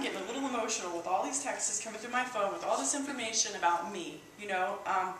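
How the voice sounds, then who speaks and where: A woman sharing a personal testimony at church, in a halting, emotional way with many restarts. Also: mid-range voice, fairly bright tone. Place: church hall. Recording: echoey hall, distant mic, faint hiss.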